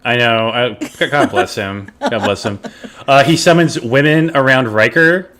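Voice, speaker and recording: A man co-hosting a podcast, chatting casually about a TV episode, talking in halting, rambling stretches. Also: mid-range voice, fairly bright tone. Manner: rambling, halting, many fillers and restarts. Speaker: podcast co-host. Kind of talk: casual chat recapping a TV episode.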